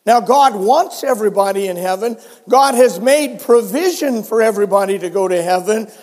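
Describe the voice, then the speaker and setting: An older man preaching a sermon as pastor, telling stories and swinging between soft and loud delivery. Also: high voice, normal speed, in a large hall. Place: church sanctuary.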